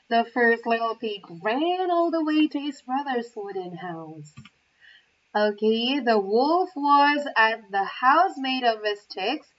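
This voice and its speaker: Slow, careful woman reading a story. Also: on the high side, fairly bright tone, slight background noise. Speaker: English teacher trainee. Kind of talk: reading a children's story aloud. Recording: muffled, from far off the mic.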